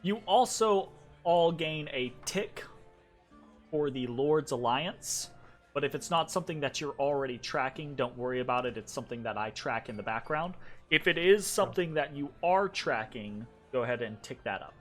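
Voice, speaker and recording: A man's voice: medium pitch, normal speed. Game master man narrating over music. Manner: relaxed, filler-heavy narration with frequent "right?" and "um".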